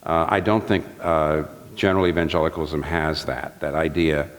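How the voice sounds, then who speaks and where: A man's voice: extremely low pitch, steady tone, moderate pace. A man speaking earnestly on a theology panel, often restarting sentences and mimicking others for effect. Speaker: pastor and theologian on a discussion panel. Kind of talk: panel discussion. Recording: long hall reverb.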